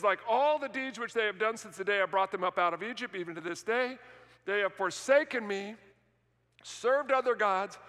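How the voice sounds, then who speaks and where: High, bright-voiced preacher in a hall. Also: male voice. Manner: animated, jokey, calls for congregation response. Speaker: pastor. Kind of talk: sermon. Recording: reverberant hall sound.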